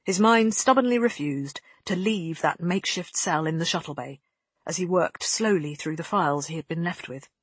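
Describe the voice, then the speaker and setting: An audiobook narrator reading a story in a measured, even way. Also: medium pitch, husky, no room sound. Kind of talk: scripted narration.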